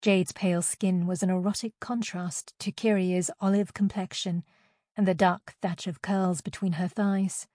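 A woman narrating a novel as an audiobook in a steady, even reading voice. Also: mid-range voice, no room sound, studio quality.

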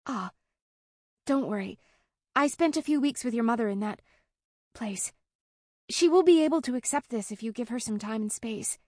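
A woman voicing a courteous young woman companion who speaks gently and a little wryly. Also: a little high, lively intonation, moderate pace, long pauses, no room sound, clean studio sound. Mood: earnest.

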